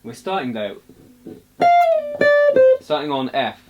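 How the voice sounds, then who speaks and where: A man gives a casual jazz guitar lesson, his voice sitting at an ordinary middle pitch. He talks through notes and counts beats aloud in an unhurried way. A guitar plays loudly underneath him. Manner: relaxed, explains while playing, counts beats aloud. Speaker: guitar teacher. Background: guitar playing.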